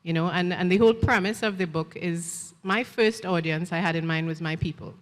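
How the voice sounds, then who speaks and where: Trinidadian woman author, lowish voice, measured reading, festival hall reverb. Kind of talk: book reading and panel talk. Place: festival stage.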